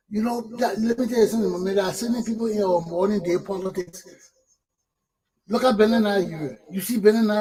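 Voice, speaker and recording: A man hosts a talk show and gives heated political commentary. His voice sits high for a man. He talks bluntly, swears freely and hammers the same words over and over. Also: warm tone, rough recording. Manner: blunt and profane, repeats words, laughs often.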